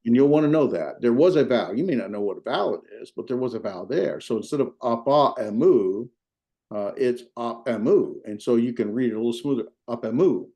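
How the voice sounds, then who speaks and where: A man's voice: mid-range voice, lively intonation, quick pace, hardly any pauses, mellow. A man with a Southern US accent teaching a beginner Greek class in a folksy, repetitive way with many fillers. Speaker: Greek instructor. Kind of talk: informal classroom lecture.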